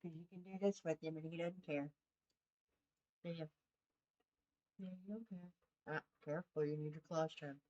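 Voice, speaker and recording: A woman's voice: sits low, steady tone, moderate pace, pauses often, darkish tone, muffled recording. A woman streaming a game, chatting casually and baby-talking to her cat. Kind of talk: casual live-stream chat.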